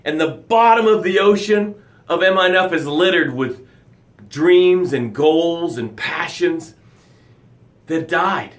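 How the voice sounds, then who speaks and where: A middle-aged man hosting a live motivational session. His voice sits a bit high, and he talks emphatically. He reads viewer comments aloud, then swings from loud, dramatic pushes to soft, quiet lows. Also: slow pace.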